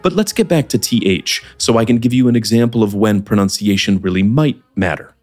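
A man with a fairly low voice hosts a scripted podcast lesson, explaining points in a clear, measured way. Soft music plays faintly underneath him. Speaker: English teacher and podcast host.

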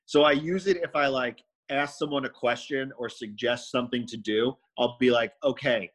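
A man's voice: mid-range voice, steady tone, normal speed, rough recording. A man co-hosting a podcast, chatting casually in a rambling way and laughing often. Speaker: podcast co-host. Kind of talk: casual chat.

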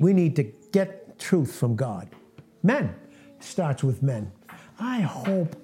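An older man in his late sixties preaches informally to a small fellowship. His voice sits a little high yet sounds mellow and warm. He talks in an earnest, folksy, self-deprecating way and repeats himself. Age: 60s.

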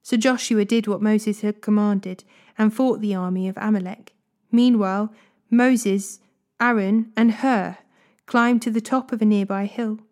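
A woman reading Bible passages aloud in a steady, measured way. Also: mid-range voice. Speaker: Bible reader. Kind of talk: scripture reading.

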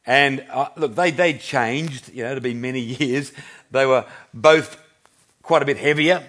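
With a mid-range voice and an unhurried pace, a fifty-something Australian pastor tells stories through his sermon, relaxed and prone to chuckling and starting sentences over.

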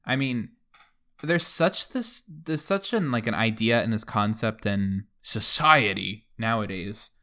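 A man's voice: fairly low pitch, measured pace, pushed and bright. A young man hosting a podcast in casual chat, rambling with many fillers. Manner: rambling, lots of fillers like "like" and "you know". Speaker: podcast host.

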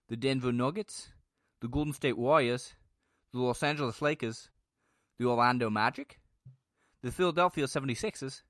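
A man putting on a loud breezy Australian announcer. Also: mid-range voice, no echo, close to an everyday voice. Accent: put-on Australian. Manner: loud, lilting, exaggerated delivery.

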